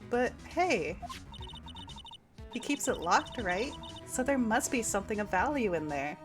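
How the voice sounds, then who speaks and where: A woman voicing an eager, excitable teenage girl sidekick while reading a game aloud, with game music behind her. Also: fairly high pitch, a little slow. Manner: bright, excitable, pleading questions.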